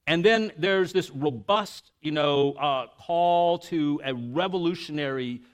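A man preaching a sermon, reading scripture, then explaining it in a conversational, animated way with restarts and asides. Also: a little high, slow, clean tone. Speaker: pastor.

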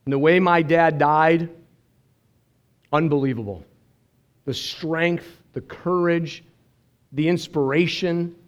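A man's voice: fairly high pitch, steady tone, takes it slowly, pauses often, clean tone. A man preaching a sermon as pastor, earnest and emotional, telling stories and quoting others. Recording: dull lo-fi sermon recording.

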